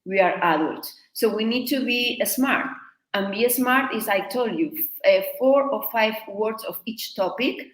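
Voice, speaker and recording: Lively woman teaching Spanish learners. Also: a little slow, reverberant, poor audio. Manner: lively, emphatic, says "boom" for emphasis. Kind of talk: explaining language-learning tips in conversation.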